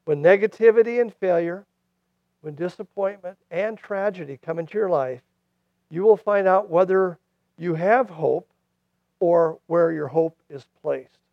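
High-pitched guy preaching, goes loud then real quiet, dry kinda dull sound. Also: unhurried, dry recording. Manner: dramatic swings between loud emphasis and hushed lines. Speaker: pastor. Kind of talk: sermon.

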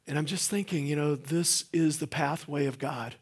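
Joking husky-voiced preacher man. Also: a little high, moderate pace. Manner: folksy, joking, full of fillers and restarts. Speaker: guest pastor. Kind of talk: sermon. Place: church sanctuary.

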